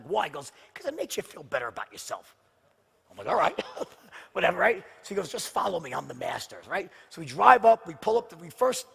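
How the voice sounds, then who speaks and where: A man's voice: sits high, gravelly, slightly rough, long reverb tail. A man speaking as a motivational speaker, telling a story to a seminar audience and acting out the other people's lines. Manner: animated storyteller acting out quoted voices.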